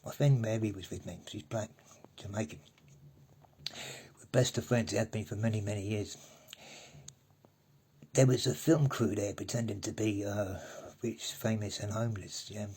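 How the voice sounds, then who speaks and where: Bloke ranting and swearing at the camera, lowish voice, keeps saying yeah?. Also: male voice, steady tone, normal speed, pauses often, darkish tone, slightly rough, rough recording. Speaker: vlogger. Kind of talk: angry rambling monologue.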